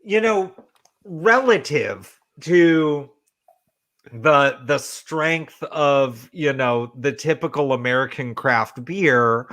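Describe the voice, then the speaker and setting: Slow-talking man with a bright voice. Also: on the high side, lively intonation. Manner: drawn-out, halting musing. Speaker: podcast panelist. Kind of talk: casual chat.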